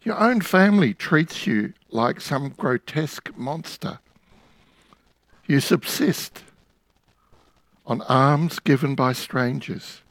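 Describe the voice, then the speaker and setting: A man preaching a sermon, retelling a scripture story in the second person with vivid, dramatic pauses. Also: mid-range voice, animated, a bit bright, no room sound.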